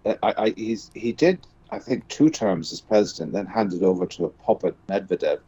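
A man giving political commentary as a radio guest, talking haltingly with many restarts. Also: deep voice, animated, mellow, husky, lo-fi sound.

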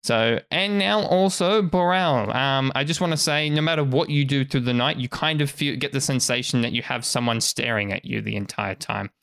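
A man talks through the rules and the story as game master, relaxed and a bit rambling. His voice sits at an ordinary pitch, and the sound is dry and close with no room echo. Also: moderate pace, vocal fry, few pauses. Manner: casual, explanatory, frequent fillers. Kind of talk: narrating a tabletop game.

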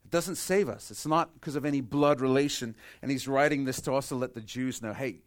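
Male pastor, mid-pitched voice, sermon delivery that drops to a hush and then builds to emphatic bursts. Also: fairly quick. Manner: impassioned, swings from hushed to emphatic; rhetorical questions and repetition.

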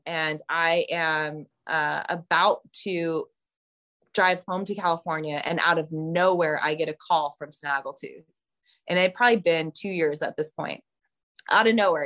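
A woman's voice: on the low side, a bit bright. A woman guest on a podcast, candidly telling her personal recovery story and acting out voices from it.

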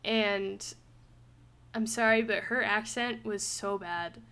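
A young woman hosting a casual book review podcast, animated and quick to laugh, with lots of "like" fillers. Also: mid-range voice, smooth. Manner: animated, laughs often, says "like" a lot. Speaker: podcast host.

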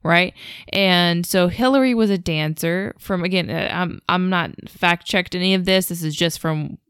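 Her fairly low-pitched voice has a fairly bright, clean tone as this podcast co-host chats casually at normal speed, telling a story. She uses plenty of fillers and laughs frequently, captured in clean studio sound without any room sound.

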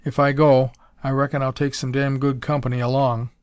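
A man's voice: mid-range voice, little pitch movement, fairly quick, clean tone, no room sound, natural voice. A man reading aloud and voicing a wry, defiant American aviator who mutters dry remarks, in a dry recording.

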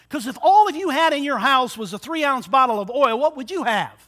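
Male pastor, high bright voice, preaches with acted-out retellings and call-outs to the congregation. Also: expressive, fairly quick, few pauses. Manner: dramatic retellings with shifting loudness; rhetorical questions to the congregation. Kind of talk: sermon.

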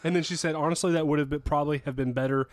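A man's voice: fairly high pitch, steady tone, very fast. A man co-hosting a podcast, trading jokes in wry, casual banter. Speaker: podcast co-host. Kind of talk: casual chat.

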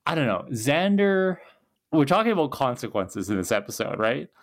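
A man's voice: mid-range voice, sing-song, moderate pace. A man co-hosting a podcast, rambling and thinking aloud in casual chat, with many likes. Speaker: podcast co-host. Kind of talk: casual chat with a sponsor-style plug.

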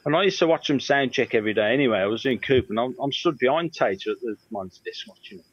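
A man, a guitar tech guest, telling rambling road stories in casual chat and dropping into quick impressions. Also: mid-range voice, lively intonation, breathy edge, no room sound, highs cut off.

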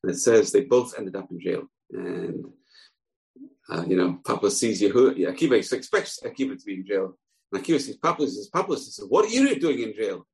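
A man teaching through an animated storytelling lesson. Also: on the low side, fairly quick, gravelly, low-quality recording.

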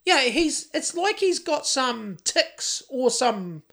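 A woman's voice: sits high, very animated, slow, gravelly, a bit bright. A woman co-hosting a podcast, telling stories in a casual, ranting way and swearing a lot. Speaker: podcast co-host. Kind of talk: casual chat.

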